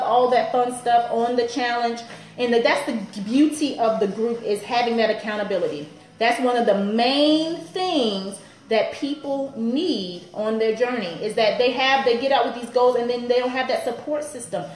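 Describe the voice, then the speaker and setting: A woman's voice: a little high, echoey room, low-quality recording. A woman personal trainer in her thirties, chatting upbeat on a live stream to viewers and laughing often.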